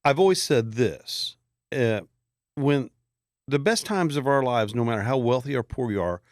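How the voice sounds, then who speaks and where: A man's voice: medium pitch, normal speed, no echo, studio quality. A middle-aged man, a podcast guest telling long rambling stories in casual chat and acting out the voices of people he quotes. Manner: rambling storyteller who acts out quoted voices.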